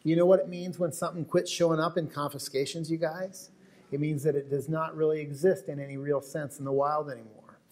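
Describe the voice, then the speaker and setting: A man's voice: fairly high pitch, little pitch movement, fairly quick, a little mellow. An American man giving a talk to a live audience, telling stories in a chatty way with asides to the crowd. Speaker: wildlife photographer giving a talk. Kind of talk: lecture to an audience.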